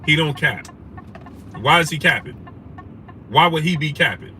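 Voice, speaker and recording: A man's voice: a little high, normal speed. Ranting man in a noisy car. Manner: animated, ranting, repeats rhetorical questions. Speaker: sports talk show host. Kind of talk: casual live-stream commentary, reading chat names.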